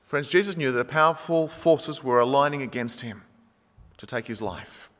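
A man preaching a sermon, animated, acting out the quoted speech of the people in his story. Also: mid-range voice, moderate pace. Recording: long hall reverb.

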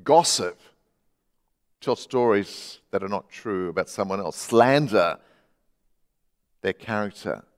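A middle-aged man preaching a sermon, conversational, dropping from loud to hushed for emphasis. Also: on the low side, expressive, takes it slowly, long pauses, in a large hall. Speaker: pastor. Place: church.

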